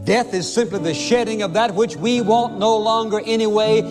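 A man's voice: high-pitched, steady tone, normal speed, few pauses, music in the background. A man preaching a sermon as a pastor, emphatic and full of rhetorical questions to his listeners. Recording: long reverb of a large hall.

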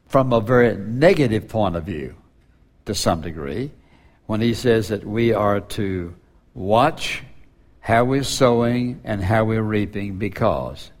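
A male pastor preaching an earnest sermon to a congregation, slowing down when he quotes scripture. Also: on the low side, a little mellow.

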